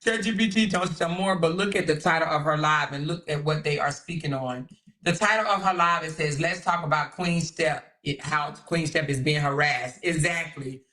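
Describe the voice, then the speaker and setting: A woman's voice: low-pitched, fairly even intonation, moderate pace, bright, forceful tone. A woman hosting a casual livestream, reading viewer comments aloud, swearing freely and laughing often.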